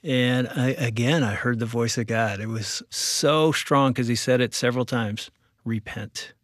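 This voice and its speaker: A man, a pastor, earnestly recounting a personal testimony about his marriage in a relaxed interview. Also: medium pitch, normal speed, no room sound, studio quality. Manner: earnest, reflective storytelling. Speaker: pastor and guest speaker.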